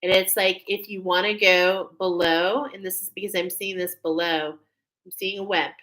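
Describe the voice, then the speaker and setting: A woman's voice: lowish voice, fairly even intonation, moderate pace, a bit bright, low-quality recording. A woman doing a live spiritual oracle card reading, effusive and exclaiming, often breaking into laughter. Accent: American. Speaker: tarot and oracle card reader.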